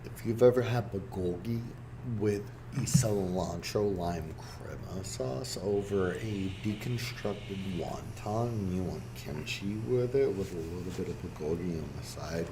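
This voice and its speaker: A man's voice: low voice, background noise. Profane, teasing man hosting. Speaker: podcast host. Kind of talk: casual chat. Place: restaurant.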